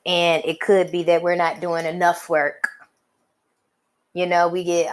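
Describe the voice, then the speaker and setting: On her own podcast, a woman delivers a motivational talk in colloquial language, stretching out emphatic pauses. Her voice sits on the low side.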